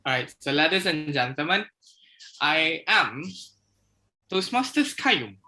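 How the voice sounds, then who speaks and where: A man's voice: fairly high pitch, very animated, takes it slowly, bright, forceful tone. A man speaking off the cuff on a video call, talkative and joking. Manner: jokey and talkative. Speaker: meeting participant. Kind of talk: impromptu speech.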